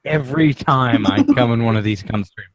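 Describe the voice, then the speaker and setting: A man's voice: medium pitch, a little fast. A man joking crudely in a casual online stream chat. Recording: faint background noise with clicks.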